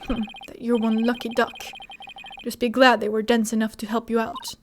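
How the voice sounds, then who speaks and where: A woman's voice: on the high side, flat delivery, normal speed, slight background noise, natural voice. A woman voicing a cocky male prosecutor who uses British slang with an American accent, smug and teasing.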